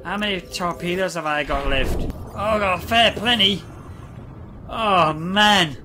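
A man commentating a video game, excitable and sweary, often laughing. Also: sits high, measured pace, background noise. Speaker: gamer. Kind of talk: let's play commentary. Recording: game music behind the voice.

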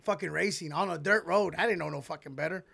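A man with a fairly high, gravelly voice swears his way through a rambling, animated story. The sound is dry and close, with no room around it. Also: fast, no echo. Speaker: podcast host. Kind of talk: casual storytelling.

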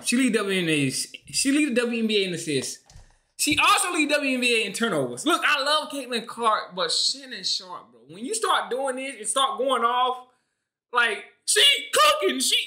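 A man's voice: extremely high pitch, bright, forceful tone. A young man streaming a reaction to a sports clip, ranting in an exasperated, slangy way. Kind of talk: casual reaction commentary.

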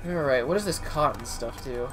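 A man giving chatty let's play commentary, talking to himself as he plays, with quick exclamations and bursts of laughter. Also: medium pitch, expressive, over music. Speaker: gaming streamer.

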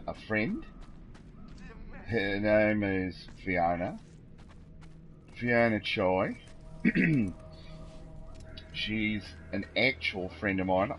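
Lowish, lively male streamer, slow and rambling, joking at himself. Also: dull audio, a little hiss or hum. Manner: rambling, self-deprecating, exclaims at the game. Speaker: game streamer. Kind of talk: casual gameplay commentary.

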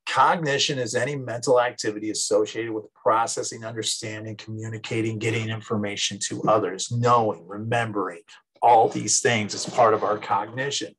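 A man's voice: fairly low pitch, steady tone, moderate pace, a bit bright, husky, low-quality recording. A man in his fifties, a psychology teacher, giving a conversational recorded lecture and acting out everyday examples. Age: 50s.

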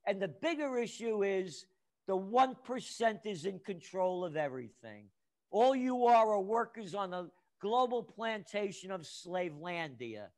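Man, very high pitch, angry profane rant, bursts of shouting, interview guest. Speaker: guest trend forecaster.

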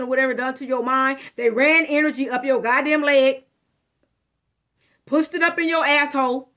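A high-pitched woman reads tarot in a loose, casual monologue. She talks to her listener directly, heavy on slang and cursing, and she leans hard on her points. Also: fairly bright tone. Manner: blunt, profane, slangy; emphatic, addresses listener directly. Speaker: tarot reader.

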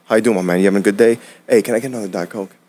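A man from Detroit with a somewhat low voice talks frankly in a relaxed podcast conversation. He is an acting coach, swears freely and slips into quick acted-out lines to make his points. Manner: blunt, profane, acts out quotes in voices. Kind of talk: casual podcast chat.

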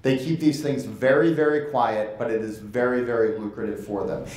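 A male presenter speaks to a conference audience in a mid-pitched voice. He talks bluntly and conversationally, hammering his points with emphasis. The sound is echoey, as in a conference room. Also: steady tone, normal speed, darkish tone. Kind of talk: conference talk.

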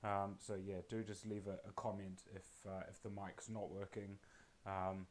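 Croaky man hosting a draw. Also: deep voice, level tone, moderate pace, a little hiss or hum. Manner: friendly, greets viewers by name. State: croaky voice from laryngitis. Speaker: host of a live prize draw. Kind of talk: live stream prize draw.

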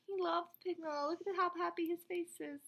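A young woman, a teacher at home, reading a storybook aloud to her child with animated, chatty asides. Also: extremely high pitch, a little fast, creaky, noisy background.

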